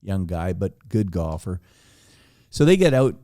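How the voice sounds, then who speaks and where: A man's voice: deep voice, big pitch swings, unhurried, warm tone, no room sound, clean studio sound. A man telling a long anecdote on a podcast, acting out the dialogue with animation. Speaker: podcast guest storyteller.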